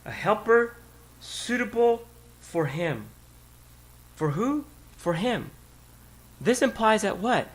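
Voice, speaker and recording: A man's voice: high-pitched, very animated, slow, long pauses. A male pastor preaching a sermon, emphatic and conversational, repeating key words and putting questions to the congregation. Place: church.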